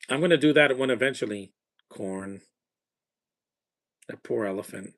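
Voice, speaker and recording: A man's voice: medium pitch, moderate pace, a bit bright. A man giving a live, off-the-cuff commentary while he watches a film, rambling between remarks and often restarting his sentences.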